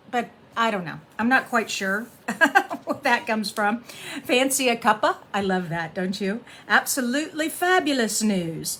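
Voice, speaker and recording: Middle-aged lady showing off card crafts, slightly high voice, chatty, stumbles over sayings and laughs. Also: a bit bright. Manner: chatty, laughs often, reads sayings aloud haltingly. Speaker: card-making demonstrator. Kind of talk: casual craft tutorial.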